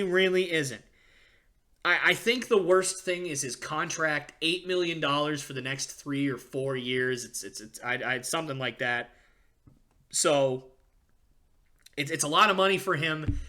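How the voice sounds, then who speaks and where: A young man hosting a casual sports podcast, ranting excitedly with frequent fillers and restarts. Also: fairly high pitch. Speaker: podcast host.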